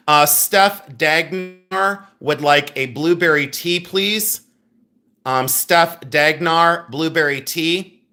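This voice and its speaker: A middle-aged man runs a live online sale in a chatty, busy way, reading viewer names and orders aloud. His voice is bright and forceful and sits a little high. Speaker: live-stream sale host. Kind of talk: live-stream selling chat.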